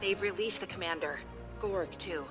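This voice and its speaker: A woman's voice: mid-range voice, moderate pace, natural voice. An actress playing a helpful female ally in a video game, giving friendly directions. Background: game music.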